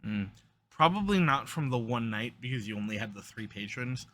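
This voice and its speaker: A game master narrating a tabletop game in a lively, rambling way with fillers. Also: medium pitch, normal speed.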